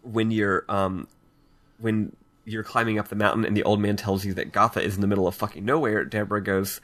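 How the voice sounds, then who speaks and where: A man's voice: fairly low pitch, normal speed, fairly bright tone. Man chatting in a casual podcast. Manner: laughing storyteller who quotes game characters. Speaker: podcast co-host. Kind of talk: casual chat.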